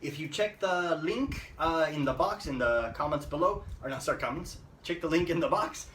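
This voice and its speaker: A man's voice: a little high, moderate pace. A man teaching an English grammar lesson, switching into Japanese to explain and often checking with "right?". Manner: lively, repeats phrases and asks "right?" often. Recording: echoey room, mic at a distance, faint noise.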